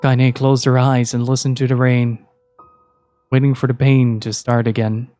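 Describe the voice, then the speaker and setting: A man reading a story aloud in a steady, measured narration. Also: mid-range voice, faint music behind.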